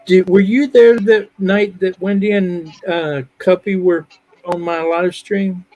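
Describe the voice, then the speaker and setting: A man in his fifties hosting a live stream. He chats casually and easygoing, and he laughs his way through animated stories. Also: high-pitched, unhurried. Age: 50s. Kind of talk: casual chat.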